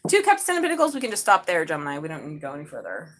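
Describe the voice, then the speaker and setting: A middle-aged woman doing a live tarot reading, chatty and excitable, swearing casually as she talks. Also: low voice, very fast, low-quality recording. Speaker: tarot reader.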